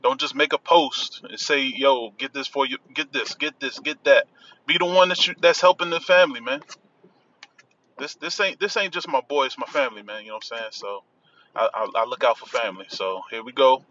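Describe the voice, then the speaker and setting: A man's voice: medium pitch, a little fast, bright, forceful tone, dull audio. A man with a Washington, D.C. accent hosting a podcast from inside his car, chatting loosely and repeating himself. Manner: loose, repetitive, keeps saying "man". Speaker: podcast host. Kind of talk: casual promo chat. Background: faint vehicle noise.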